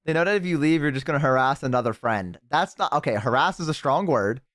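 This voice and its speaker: A young man streaming and chatting casually with a friend on a call, excitable and swearing a lot, with sudden high-pitched outbursts. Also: quick pace, no echo, clean studio sound. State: has the hiccups.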